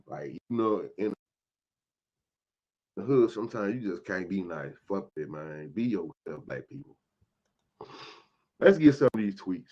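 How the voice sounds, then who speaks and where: A man's voice: sits low, expressive, a little slow, pauses often, mellow, lo-fi sound. A man ranting in a heated, profane commentary for his vlog, cursing often and stressing his points. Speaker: vlogger commentator.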